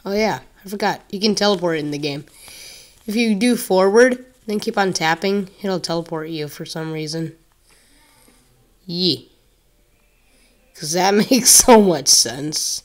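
Slow-talking joking woman gamer. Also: on the low side. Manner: joking, sassy running remarks. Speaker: gameplay commentator. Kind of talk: casual horror game commentary.

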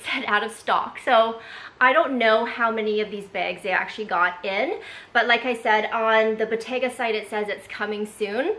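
A woman's voice: fairly high pitch, pushed and bright, echoey room, poor audio. A woman vlogger chatting casually through an unboxing, rambling with lots of filler words. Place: home room indoors.

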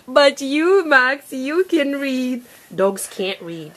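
Lively woman patiently teaching reading. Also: high voice. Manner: slow, clear, coaxing, repeats words. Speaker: parent teaching a child to read. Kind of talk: patient phonics lesson.

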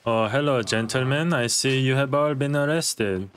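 Sungbung is a stubborn male protester, voiced by a man who lectures the police in broken English. His grammar slips constantly, but he presses each point with dogged, preachy insistence. The voice sits at a middle pitch, and faint noise hums under the game chat. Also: moderate pace, a bit bright, close to an everyday voice. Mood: lecturing. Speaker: role-play character, peaceful protester. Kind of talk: in-character game role-play.

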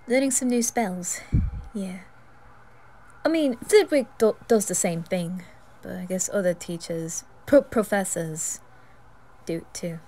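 A woman's voice: mid-range voice, unhurried, pauses often, warm tone. A woman voicing a nervous, friendly teenage schoolboy wizard in a whispered role-play, stammering and apologizing. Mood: flustered.

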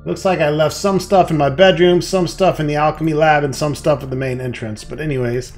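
High-voiced casual gaming host. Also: male voice, fairly even intonation, brisk, soft background music. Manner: casual, profane, muttering. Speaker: let's play host. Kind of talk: reading and commenting a text adventure game.

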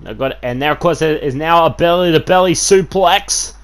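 A man giving excitable play-by-play commentary over a wrestling video game, full of fillers and sudden shouts at big moves. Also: on the high side, normal speed. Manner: excitable, filler-heavy, keeps saying "of course", bursts into shouts at big moves.

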